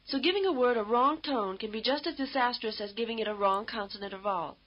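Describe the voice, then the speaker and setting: A woman giving scripted instructional narration for a language course, in a measured, explanatory way. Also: fairly high pitch. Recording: dull lo-fi tape audio.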